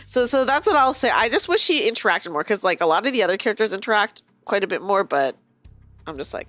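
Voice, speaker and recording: Brief: young woman streamer, lively, slightly high voice, dry close sound. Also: fast talker, no room sound, soft background music. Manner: chatty, giggly, reads game lines aloud. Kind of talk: casual game commentary.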